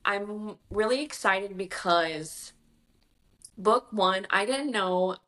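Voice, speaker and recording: A young woman, chatting in an interview as a debut novelist and retelling conversations in a lively, rambling way. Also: mid-range voice, slow. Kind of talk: casual interview chat.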